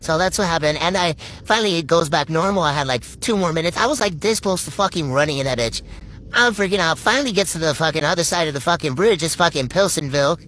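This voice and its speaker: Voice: medium pitch, fast talker, a bit bright, a little hiss or hum. A young adult from Puerto Rico telling a story to camera in a rambling, swearing, filler-heavy way. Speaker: TikTok storyteller. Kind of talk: casual storytime monologue.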